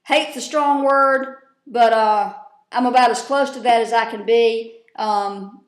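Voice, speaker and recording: A woman's voice: fairly high pitch, fairly even intonation, takes it slowly. A woman, recapping a TV show in a casual vlog, blunt and profane with lots of rambling fillers. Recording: roomy echo.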